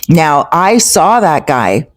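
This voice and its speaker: A woman talks to her audience in a casual, storytelling vlog voice. She sits a bit low in pitch, and the sound is close and dry with no room in it. She keeps checking in with her listeners as she goes. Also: very animated, slow pace, dry recording. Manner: chatty, asks "right?" and "you know?" to check in with viewers. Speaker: travel vlogger living abroad.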